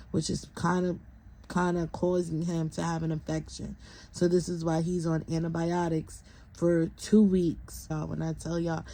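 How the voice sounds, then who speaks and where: Exhausted young woman vlogger, flat low gravelly voice, venting straight to camera. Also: poor audio. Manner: venting, tired, talks straight to viewers. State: exhausted, close to tears. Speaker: vlogger, parent of a sick child. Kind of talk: emotional vlog update.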